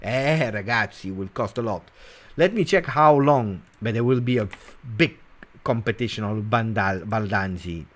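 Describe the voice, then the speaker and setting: A man hosting a casual football talk show, animated and teasing, jumping between loud bursts and quiet mutters. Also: lowish voice, moderate pace. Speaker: football channel host. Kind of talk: casual live commentary.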